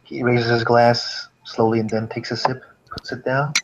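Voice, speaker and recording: Guy doing his character's lines in a tabletop game, mid pitch, muffled lo-fi with a bit of hiss. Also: level tone, moderate pace. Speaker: tabletop role-play player. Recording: dull lo-fi recording with faint noise.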